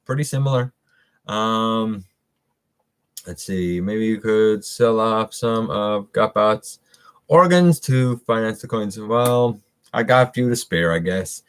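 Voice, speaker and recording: A man's voice: fairly low pitch, takes it slowly, clean tone. A middle-aged man hosts a live stream in an easy, conversational way. He greets viewers and reads their comments aloud as he goes. He rambles, with plenty of fillers and false starts. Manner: rambling, many fillers and restarts.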